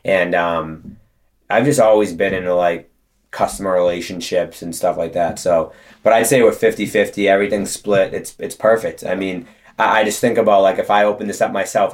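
Casting: young guy, very deep voice, chatty interview guest, loose and rambling. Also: steady tone, a little fast. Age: 20s. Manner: chatty, storytelling with many fillers. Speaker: guest, detailing business co-owner. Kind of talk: casual interview talk.

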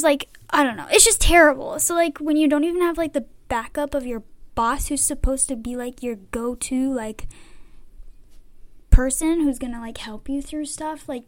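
A woman's voice: high-pitched, dry recording. A young woman hosting a casual chat, rambling with lots of fillers. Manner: rambling, many "like" and "I don't know" fillers. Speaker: podcast host.

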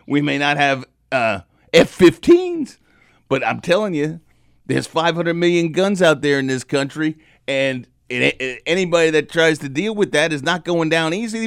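A man's voice: fairly high pitch, no echo, clean studio sound. A man on a talk panel, giving his opinion in a fired-up, emphatic way and repeating words when he gets worked up.

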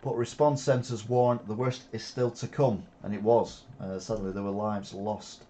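Man, Wigan accent, somewhat low voice, news commentary host, sarcastic off-the-cuff remarks, lots of fillers. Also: level tone, unhurried, mellow, slight background noise. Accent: Wigan, Lancashire. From Wigan, England. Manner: sarcastic asides, frequent fillers. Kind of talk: reading headlines with off-the-cuff commentary.

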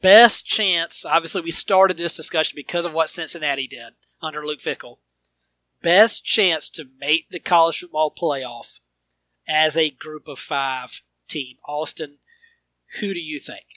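A man co-hosting a casual sports podcast, animated and quick to laugh, sometimes slipping into a broadcaster-style call. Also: fairly high pitch, dry recording. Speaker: podcast co-host.

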